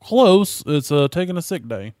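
A man's voice: a little high, big pitch swings, normal speed, a little mellow, dry recording, studio quality. A man chatting casually and joking with friends as a podcast co-host, explaining slang. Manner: jokey, explains slang with put-on Australian phrases. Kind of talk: casual chat.

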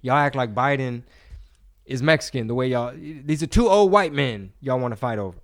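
A man talking on a podcast in a loose, animated way, dropping slang and swearing freely. His voice sits at an ordinary middle pitch for a man, and he talks casually with his co-host. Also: normal speed. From Texas.

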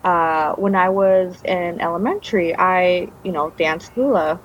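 A woman's voice: fairly low pitch, unhurried, slight background noise. A woman guest telling her personal story in a casual interview, meandering with trailing restarts. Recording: dull lo-fi recording.

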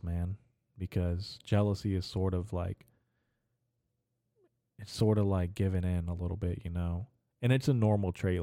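A young man rambles through a solo podcast, swearing freely and drifting off topic as he thinks aloud. His voice sits low and mellow. The sound is dry, with no room around it. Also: dry recording. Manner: profane, meandering, talks to himself. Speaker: podcast host.

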